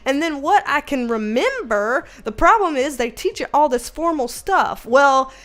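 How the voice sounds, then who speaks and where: High-voiced chatty Southern woman. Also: measured pace. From American South. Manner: animated, swearing, laughing storyteller. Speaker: livestream host. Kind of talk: casual livestream chat.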